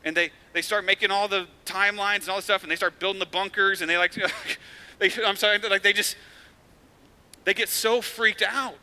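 A man's voice: high voice, fairly even intonation, normal speed, bright, forceful tone, clear, resonant tone. A male pastor giving a sermon in a church, speaking earnestly and conversationally, with rising emphasis.

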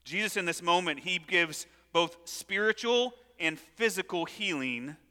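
A man preaching a sermon, reading scripture and retelling it with animated storytelling and acted-out voices. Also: high voice, a little slow, clear, resonant tone, in a large hall. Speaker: pastor.

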